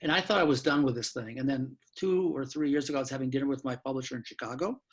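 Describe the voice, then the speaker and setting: An older man with a husky, mid-range voice gives a candid, lecture-style talk from his apartment. He's a law professor and author, and he speaks frankly and bluntly, with mild swearing and quick asides.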